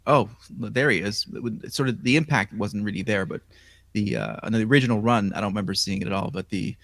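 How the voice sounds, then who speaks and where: A man in a relaxed group chat speaks with a low voice. He talks in a hesitant way, with many pauses and fillers, and the sound is dry. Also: creaky, dry recording. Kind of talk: casual chat.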